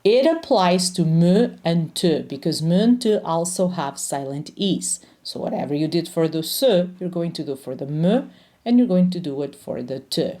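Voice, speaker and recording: A woman teaching French grammar in English, explaining patiently and slowing down to pronounce each French example. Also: fairly low pitch, lively intonation, dark tone. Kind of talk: grammar lesson.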